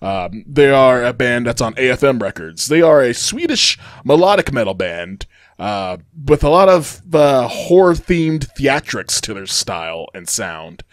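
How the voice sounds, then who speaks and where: A man's voice: mid-range voice, big pitch swings, unhurried, no room sound, clean studio sound. A man co-hosting a casual podcast, chatting loosely with frequent fillers and easy laughs. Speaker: podcast co-host. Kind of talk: casual chat.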